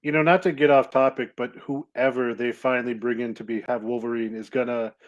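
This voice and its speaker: A man's voice: medium pitch, steady tone, a little fast, dull audio. A man co-hosting a live podcast, speculating thoughtfully at length. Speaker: podcast co-host. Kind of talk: live podcast chat about films.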